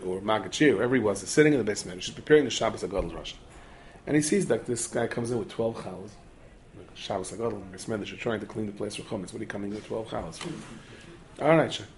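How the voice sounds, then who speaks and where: A man telling a Torah story in the manner of a sermon, animated and studded with Yiddish and Hebrew terms, acting out the characters. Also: fairly low pitch, a little hiss or hum.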